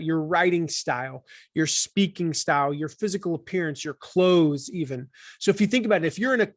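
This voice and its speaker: Southern guy in his 40s, high voice, chatty author interview, keeps restarting his sentences. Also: no room sound, clean studio sound. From Southern United States. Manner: animated, rambling with restarts. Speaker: author and guest. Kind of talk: conversational interview.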